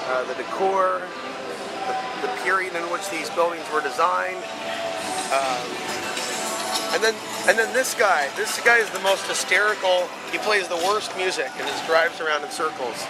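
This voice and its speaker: Male vlogger in his thirties, slightly high voice, rambling casually to a handheld camera over street noise. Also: moderate pace. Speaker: vlogger filming a walking tour. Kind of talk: casual walking-tour vlog. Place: outdoors on city streets. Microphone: handheld camera mic. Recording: outdoor city noise. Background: street traffic noise.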